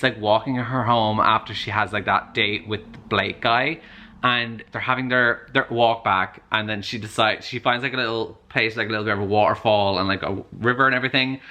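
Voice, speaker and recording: A man's voice: mid-range voice, sharp tone. A man talking casually to camera in a reading vlog, chatty and gushing, full of fillers. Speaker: book vlogger.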